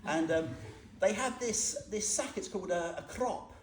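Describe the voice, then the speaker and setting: A man's voice: high-pitched, a little slow. A man giving an informal, humorous Buddhist talk, quizzing his listeners as he goes. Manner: chatty and humorous, asks the audience questions. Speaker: Buddhist teacher. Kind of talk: informal dharma talk to a group. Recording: echoey room with faint noise.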